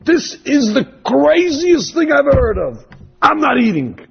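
A man voicing a frantic, guilt-stricken penitent who shouts his self-reproach in a raspy voice. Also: high voice, big pitch swings, measured pace, big-room sound, muffled recording, pitched above the performer's own voice, exaggerated voice. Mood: frantic, anguished. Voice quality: raspy, gravelly. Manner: shouting, anguished.

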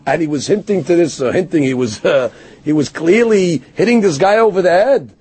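A man's voice: a little high, expressive, a little fast, a little mellow, slightly rough, no room sound. A man giving a Torah lecture as a rabbi. He tells stories, quotes Hebrew verses and explains them, and answers a heckler with self-deprecating humor. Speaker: rabbi teaching a Torah class.

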